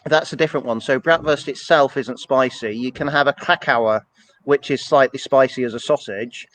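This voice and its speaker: A man's voice: medium pitch, normal speed, rough recording. A man co-hosting a church's weekly show, chatting casually and rambling along in a self-deprecating way. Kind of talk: casual chat.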